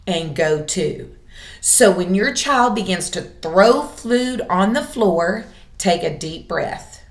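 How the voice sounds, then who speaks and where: A middle-aged woman hosts a parenting podcast and talks to caregivers in an encouraging way. She speaks slowly and deliberately, with a medium pitch. She lets each point land before she goes on. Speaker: church kids minister and parenting podcast host.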